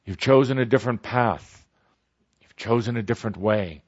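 A man voicing a calm, all-knowing spirit that speaks slowly and reassuringly in a storytelling recording. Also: mid-range voice, slightly rough, dull audio, close to an everyday voice. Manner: slow, soothing, reassuring.

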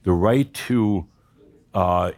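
A man's voice: sits low, drawn-out words. A man leading a live group session, joking with the room and pressing people to state things plainly. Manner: animated, joking, pushes for specifics. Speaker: workshop leader.

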